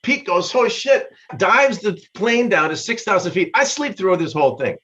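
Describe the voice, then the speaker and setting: An older man with a fairly high voice spins a rambling road story as a guest, breaking into laughter between sentences. The sound is dull and lo-fi. He talks casually and animatedly. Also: very animated, normal speed, pushed and bright. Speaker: guest musician.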